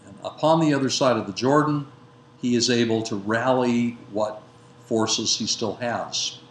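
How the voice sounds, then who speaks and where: A male lecturer walks through an old narrative at an unhurried pace, pausing on fillers and correcting himself as he goes. His voice sits in a mid register. The recording has a roomy echo with a faint hiss of background noise. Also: mid-range voice. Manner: measured, with frequent fillers and self-corrections. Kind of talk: lecture retelling a biblical narrative.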